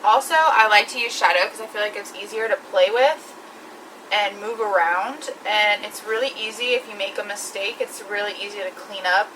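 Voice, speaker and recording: A woman's voice: medium pitch, normal speed, recorded from a distance, background noise. A woman talking through her makeup routine step by step in a chatty vlog. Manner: chatty, explains each step. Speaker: beauty vlogger. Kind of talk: makeup tutorial.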